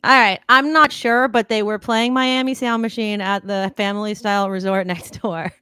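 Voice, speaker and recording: A woman co-hosts a casual online chat show and tells stories in a chatty way, laughing often. Her voice is bright and smooth and sits a little high. The sound is close and dry. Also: fairly even intonation, moderate pace, no room sound. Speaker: co-host.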